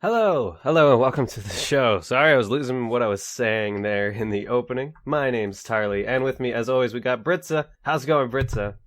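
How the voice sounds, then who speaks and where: A man's voice: mid-range voice, brisk, hardly any pauses. A young man hosting a casual gaming podcast in an upbeat, joking way, sometimes losing his train of thought. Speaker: podcast host.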